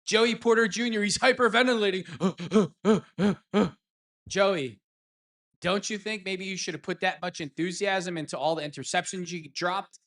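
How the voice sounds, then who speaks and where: A man's voice: high-pitched, steady tone, moderate pace, bright, forceful tone. A man hosting a solo live-stream sports talk show, rambling and mocking in a sarcastic tone.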